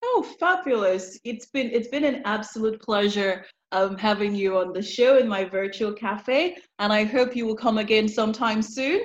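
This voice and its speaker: A woman's voice: mid-range voice, moderate pace, few pauses. A woman hosting an interview show, enthusiastic and gushing. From Nigeria. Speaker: host. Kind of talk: casual interview chat. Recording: dull roomy home recording.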